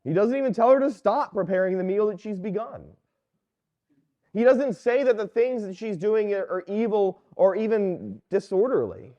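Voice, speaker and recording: Animated male priest preaching. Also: high-pitched, moderate pace, muffled recording. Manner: conversational storytelling, animated. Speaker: Catholic priest. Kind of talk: sermon.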